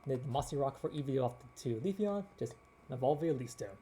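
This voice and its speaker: A man hosting a gaming video, rambling casually with many restarts, his voice a little hoarse. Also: medium pitch, expressive, fast talker, warm tone, a little hiss or hum. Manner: rambling, with frequent restarts and fillers. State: slightly hoarse. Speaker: gaming channel host.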